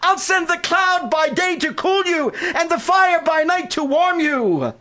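A man with a strikingly high voice preaches a sermon to a congregation. His delivery climbs into ringing, stretched-out shouts of proclamation, then falls back to a soft, intimate call. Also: animated. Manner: rises into shouted, drawn-out proclamations, then drops to a hushed altar call.

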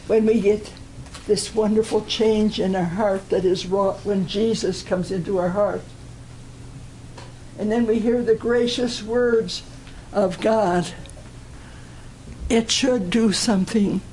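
An older woman giving a personal testimony at a church gathering, telling her story in an earnest, deliberate way. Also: medium pitch, fairly even intonation, warm tone, slight background noise, low-quality recording.

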